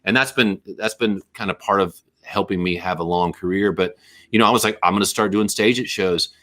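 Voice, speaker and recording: A man's voice: low-pitched, a little fast, fairly bright tone. A man who is a musician guest, talking casually in a rambling, self-mocking way, full of fillers and asides. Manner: rambling, self-mocking, breaks into goofy voices. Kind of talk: casual podcast chat.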